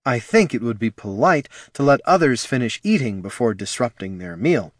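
A man's voice: medium pitch, big pitch swings, moderate pace, dry recording, clean studio sound. A man voicing a proud, angry young female sun mage, talking in a cold, clipped, scornful way.

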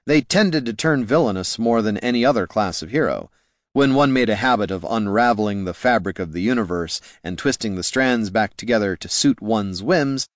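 A man narrating a fantasy audiobook in a lowish voice that rises and falls with lively expression. His reading is measured and steady. The sound is close and completely dry. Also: no echo. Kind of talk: scripted narration.

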